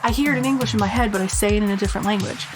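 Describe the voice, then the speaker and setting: A woman co-hosting a podcast in casual chat, animated and swearing freely as she acts out quotes. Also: mid-range voice, racing, music in the background. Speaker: podcast co-host.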